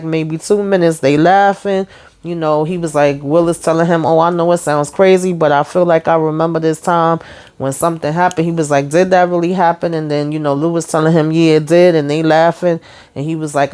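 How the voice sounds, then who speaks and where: Woman casually recapping a TV episode. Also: clean tone. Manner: animated retelling, quoting characters, lots of "you know"; gets loud and high-pitched when excited. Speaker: TV recap host.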